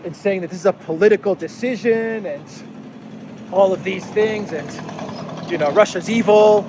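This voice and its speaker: A male host giving casual political commentary in a sarcastic, scoffing way, breaking into laughter often. His voice sits a little high for a man, and faint noise lies behind it. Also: normal speed. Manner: sarcastic, laughs often, acts out mock impressions.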